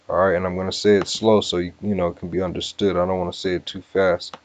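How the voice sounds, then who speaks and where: A Bible teacher with a deep voice and flat delivery gives a scripture lesson, breaking it down word by word and sounding words out slowly. He's casual and repetitive, often saying "all right" and "you know," and there's no echo.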